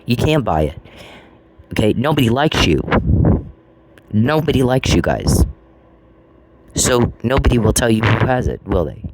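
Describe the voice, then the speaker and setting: A man's voice: mid-range voice, very animated, unhurried, pauses often. A man in an angry monologue, confrontational and profane, repeating taunting questions. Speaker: vlogger. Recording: noisy recording with clicks.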